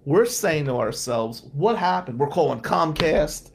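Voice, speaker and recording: A man's voice: a little high, animated, measured pace, gravelly, background noise. A middle-aged man, an attorney hosting a show, telling stories in a profane, ranting way and sounding exhausted. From Atlantic City, New Jersey. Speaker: attorney and podcast host. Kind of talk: casual monologue.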